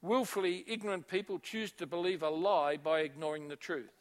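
A man's voice: high-pitched, steady tone, a little fast. A man preaching a sermon, emphatic and repetitive, addressing the congregation directly and quoting scripture. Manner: emphatic, repeats key phrases, calls on congregation.

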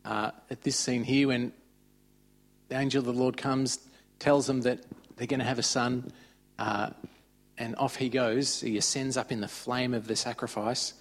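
A man's voice: medium pitch, fairly even intonation, moderate pace. A man giving an informal, conversational sermon. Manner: conversational, chatty retelling of stories. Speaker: preacher.

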